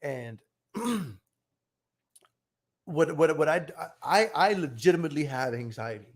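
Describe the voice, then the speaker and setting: A man's voice: on the high side, animated, measured pace. A man with a Texan accent hosting a podcast, chatting casually and animatedly, often stammering and repeating words. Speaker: podcast host. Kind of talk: casual chat.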